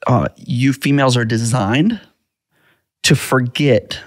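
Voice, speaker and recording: Man hosting a podcast, mid pitch, bouncy storytelling, dry room sound. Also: takes it slowly, no echo. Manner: animated storyteller, acts out quotes in a raised voice. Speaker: podcast host. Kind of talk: casual chat.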